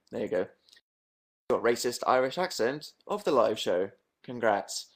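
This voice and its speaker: A man's voice: on the low side, normal speed. A young man from England hosting a casual late-night livestream from his bedroom, reading viewer comments in a dry, sarcastic, self-mocking way. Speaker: livestream host.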